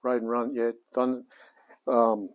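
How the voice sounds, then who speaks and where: A man's voice: medium pitch, level tone, takes it slowly. An Australian man in his late forties chatting casually on his live stream, laid-back and rambling, with plenty of slang. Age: late 40s. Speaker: live-streaming home mechanic.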